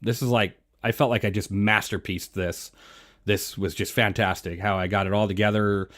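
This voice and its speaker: A man casually chatting with his live-stream chat while playing, relaxed and talkative, chewing a throat lozenge. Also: lowish voice, normal speed. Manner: relaxed, chatty, answers chat between flying.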